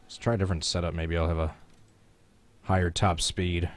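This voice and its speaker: A man with a deep voice and flat delivery talks fairly quickly as he plays a racing game on stream. He's casual and chatty, chuckling and talking to his chat while playing.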